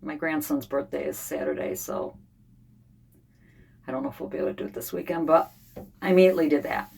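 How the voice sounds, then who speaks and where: A grandmother in her fifties talks into her camera from a home sauna, tired and unwell. Her voice sits low and gravelly with a husky edge, and she rambles with sighs and long pauses. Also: steady tone, a little mellow. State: unwell, frustrated. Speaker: vlogger. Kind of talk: casual diary vlog.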